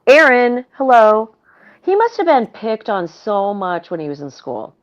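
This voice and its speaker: A woman's voice: medium pitch, wildly swooping pitch, moderate pace, a little mellow, dry recording, lo-fi sound. A woman co-hosting a casual chat, playful and teasing, laughing often. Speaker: co-host.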